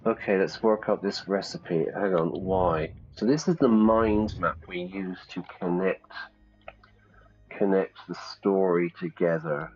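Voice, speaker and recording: A male English teacher on a live stream, explaining words in a lively way and thinking out loud as he plays a game. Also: low voice, a little slow. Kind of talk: live-stream lesson while playing a game. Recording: slightly dull, faint music.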